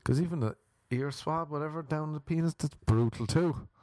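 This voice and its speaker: A man's voice: a little high, moderate pace, a little mellow, no room sound. A young Irish man doing a crude, rambling comic monologue, laughing at his own stories and slipping into mock voices. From Ireland. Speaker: comedian.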